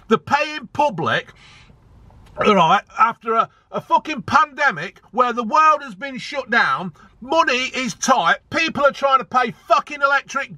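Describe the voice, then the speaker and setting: A man's voice: very high voice, pushed and bright, no room sound. A man ranting angrily as a football fan vlogger, swearing a lot and repeating himself for emphasis. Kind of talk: angry ranting vlog.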